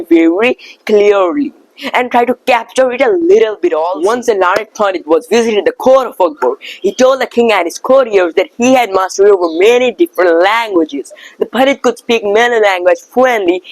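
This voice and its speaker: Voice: mid-range voice, darkish tone, dry recording, low-quality recording. Vlogger, casual teaching voice, drills words over and over. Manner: earnest, repeats words as drills. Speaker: accent-practice video maker. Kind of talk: casual tutorial with storytelling.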